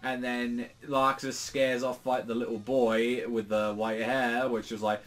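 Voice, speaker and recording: A man's voice: mid-range voice, flat delivery, unhurried, fairly bright tone. A young British man casually reviewing a manga chapter, rambling with many fillers and swearing, and jumping into exaggerated quoted voices. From Britain. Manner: rambling, lots of fillers and swearing, acts out quotes in jumpy bursts. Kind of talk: casual solo review chat.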